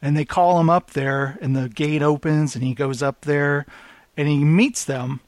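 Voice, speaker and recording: A man's voice: a little high, unhurried, dry recording. A man in casual podcast chat about a film, retelling scenes with a lot of laughter and acting out the characters' lines. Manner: animated retelling, laughs often, acts out lines. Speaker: podcast guest.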